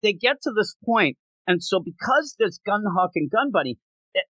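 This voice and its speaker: Man co-host, casual comics chat, bright and sharp tone, dry close mic. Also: sits high, no room sound, low-quality recording. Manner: animated, laughs a lot, acts out quick character voices. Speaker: podcast co-host.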